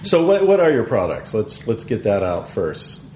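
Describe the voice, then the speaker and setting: A male host with a low voice chats easily and affirms his guests often. The sound is roomy and echoey, with a faint rumble behind it. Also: moderate pace. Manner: relaxed, affirming, telling anecdotes. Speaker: interview host. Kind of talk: casual interview talk.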